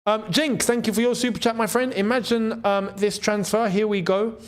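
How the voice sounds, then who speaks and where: A young man hosting a live football watchalong, reacting to the match and shouting at big moments. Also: high voice, moderate pace. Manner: excitable, shouts at big chances and goals. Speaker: football channel host.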